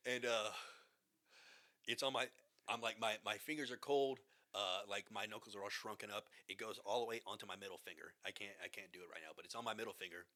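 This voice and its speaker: Deep-voiced, bright man telling a story. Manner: animated storyteller, acts out quotes, breaks into shouts and laughs. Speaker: podcast co-host. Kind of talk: casual storytelling chat.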